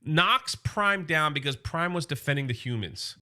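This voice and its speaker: A man's voice: fairly high pitch, lively intonation, normal speed, bright, forceful tone. A man hosting a comic book channel, casually and enthusiastically recapping an issue and reading the quotes aloud.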